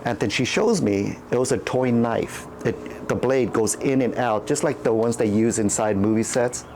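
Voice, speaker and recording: Guy telling a wild story off the cuff, rambly, repeats himself, middle pitch. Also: normal speed, a little mellow, a little hiss or hum. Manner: rambling, candid, with repeated words and restarts. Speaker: channel host. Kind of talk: casual personal storytelling.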